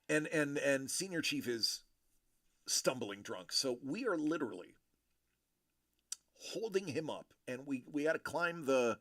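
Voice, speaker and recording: A man in his thirties telling a story in casual chat, acting out the people in it with animated voices. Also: mid-range voice, dry recording, studio quality. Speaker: show host telling a story.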